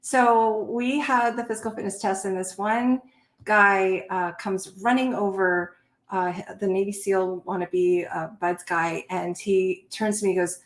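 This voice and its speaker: Woman, middle-aged, Navy veteran guest, animated interview storytelling, laughs often, mid pitch, echoey room. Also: a little slow. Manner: animated, laughs between stories. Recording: roomy echo.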